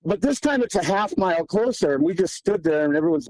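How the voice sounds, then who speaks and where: Higher-voiced man telling a hunting story. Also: animated, fast talker, a little mellow, no echo, rough recording. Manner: tense, vivid retelling with quoted dialogue. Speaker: guest hunter recounting an encounter. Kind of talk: casual storytelling.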